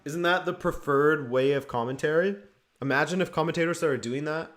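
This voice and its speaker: A man's voice: fairly high pitch, fairly quick, a bit bright. A man hosting a live football watchalong, giving casual, joking commentary and reading viewer comments aloud. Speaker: watchalong host.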